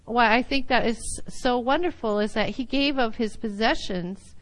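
A woman teaching a Bible lesson to a group, her voice sitting a little high. She is animated and laughs often, sometimes slipping into playful little voices to act out a point. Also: moderate pace, rough recording. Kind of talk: sermon teaching.

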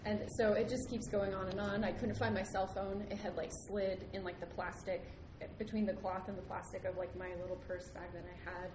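A young woman from the United States tells a story in a casual, animated way. She laughs often and acts out the other people in it. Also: mid-range voice, brisk, hardly any pauses. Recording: roomy with background noise.

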